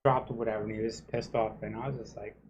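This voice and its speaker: A man's voice: fairly low pitch, little pitch movement, fast, highs cut off, slight background noise. A man streaming gameplay and ranting heatedly, swearing often and asking "you know what I'm saying?" again and again. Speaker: game streamer. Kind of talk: casual rant while streaming gameplay.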